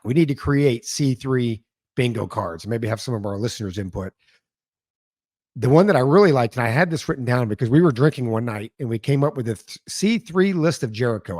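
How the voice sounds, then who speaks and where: A man's voice: mid-range voice, lively intonation, a little fast, darkish tone, no room sound, studio quality. A man co-hosting a podcast, talking casually with many fillers and repeated words. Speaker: podcast co-host.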